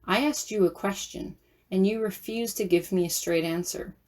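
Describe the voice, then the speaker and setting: A woman's voice: mid-range voice, moderate pace, darkish tone, close to an everyday voice. A woman reading a stern armored man.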